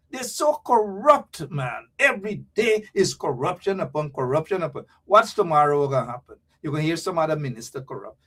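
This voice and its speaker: A man with a Guyanese accent hosting a livestream, ranting in an animated, repetitive, scolding way full of local slang. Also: high-pitched. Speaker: show host.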